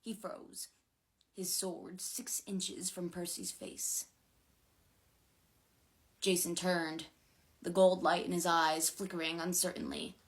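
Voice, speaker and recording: A woman's voice: fairly low pitch, slow pace, pauses often. Woman reading a book aloud dramatically. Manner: expressive, dramatic. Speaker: reader.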